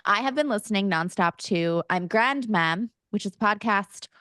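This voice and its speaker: A young woman chatting on a podcast, talking in a self-mocking, jokey way. Her voice sits at an ordinary middle pitch. It is recorded close and dry, with no room sound. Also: animated, moderate pace, bright, forceful tone, smooth, no room sound. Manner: chatty, self-mocking, slips into playful Irish-accent bits. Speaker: podcast co-host. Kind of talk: casual chat.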